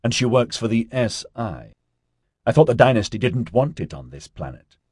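A man's voice: medium pitch, sing-song, fairly quick, darkish tone, breathy edge, dry recording, clean studio sound, voice pushed up. A man voicing a flustered, defensive male technician in an audiobook. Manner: defensive, protesting.

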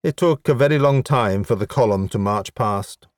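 A man narrating a comic fantasy audiobook in a wry, even storytelling manner. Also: medium pitch, moderate pace, no echo, clean studio sound. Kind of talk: scripted narration.

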